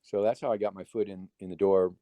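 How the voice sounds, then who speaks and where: A middle-aged man speaks as a guest on a casual interview, and his stories ramble along with restarts and quoted dialogue. His voice is mellow and relaxed. The recording is close and dry. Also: low-pitched, quick pace, no room sound. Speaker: guest magician.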